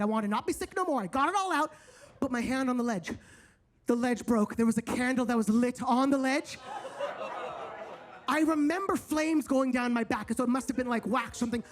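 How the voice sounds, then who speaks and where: A man's voice: extremely high pitch, fairly quick. A male stand-up comedian telling a story in a campy, flamboyant way, chatting straight to the crowd. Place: comedy stage.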